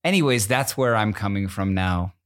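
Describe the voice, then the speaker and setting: A man's voice: on the low side, normal speed, smooth. A man co-hosting a podcast, chatting casually with dry, wry quips. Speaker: podcast co-host. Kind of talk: casual chat.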